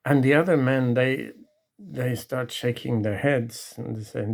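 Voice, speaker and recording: Slow, gravelly male storyteller. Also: medium pitch. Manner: halting, with restarts and pauses. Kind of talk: retelling a true story from memory.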